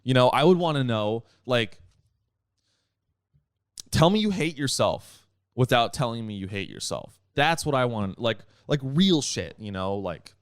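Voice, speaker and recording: A man's voice: mid-range voice, expressive, unhurried, clear, resonant tone, no room sound, studio quality. A young man hosting a solo comedy podcast, ranting in a rambling, profane way with many restarts. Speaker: podcast host.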